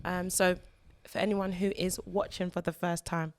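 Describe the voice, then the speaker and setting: A woman co-hosting a podcast, telling a personal story in an earnest, halting way, repeating words as she gathers herself. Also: on the low side, little pitch movement. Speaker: podcast co-host and mother.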